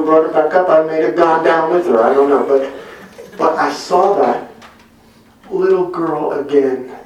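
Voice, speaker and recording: A middle-aged man tells his faith story at an unhurried pace, earnest but quick to poke fun at himself. His voice sits a little high for a man. He sounds set back from the mic, with heavy echo around him in a church sanctuary. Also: darkish tone, muffled recording, slight background noise. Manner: earnest, with wry self-deprecating humor. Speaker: church speaker giving a testimony. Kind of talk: personal testimony storytelling. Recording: very echoey room, mic far off.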